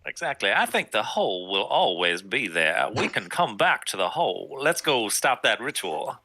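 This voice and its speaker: A man voicing a seductive male frog incubus in a slow, genteel Southern drawl. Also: fairly low pitch, very animated, sharp tone, no echo, heavily acted.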